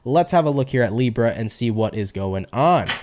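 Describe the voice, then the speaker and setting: A man's voice: mid-range voice, normal speed, a little hiss or hum. A man giving a chatty live-stream tarot reading, reading out viewer comments as he goes. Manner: animated, chatty, reads audience comments aloud. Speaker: tarot reader.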